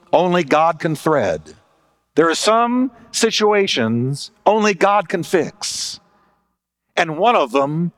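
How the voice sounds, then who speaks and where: Animated, lively preaching man. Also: on the high side. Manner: storytelling preacher, acting out voices in a joke; animated, emphatic delivery. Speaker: pastor. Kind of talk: sermon.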